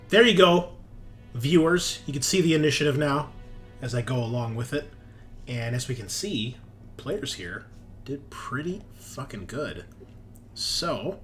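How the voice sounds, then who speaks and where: A man's voice: on the low side, a bit bright. A man narrating as game master of a tabletop game, casual, joking and profane.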